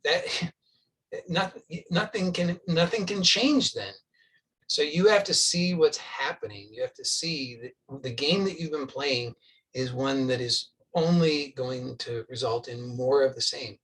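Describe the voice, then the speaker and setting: A man's voice: a little high, unhurried, a bit bright, distant mic, low-quality recording. A man giving a spoken spiritual teaching, earnest and insistent, repeating points for emphasis.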